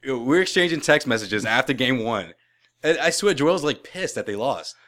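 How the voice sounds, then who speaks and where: A man co-hosting a sports podcast, talking in a quick, teasing way and laughing often. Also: medium pitch, animated, fairly bright tone. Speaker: podcast co-host. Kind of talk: casual sports podcast chat.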